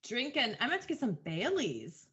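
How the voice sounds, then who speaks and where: A woman with a bright, forceful voice and a slightly high pitch chats about films on a podcast, recapping plots with little chuckles. The audio is dull and lo-fi. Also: wildly swooping pitch, moderate pace. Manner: reads plot summaries, chuckles mid-sentence. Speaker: podcast co-host. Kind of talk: casual movie chat.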